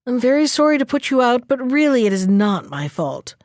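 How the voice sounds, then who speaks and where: A woman putting on a crafty storybook fox, smooth and wheedling, pitched a little high and pushing his plea harder than plain telling, with a dry close sound. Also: sing-song, a little fast, darkish tone, no room sound. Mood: mock-sorry. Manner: smooth, wheedling, mock-regretful. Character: sly scheming male fox.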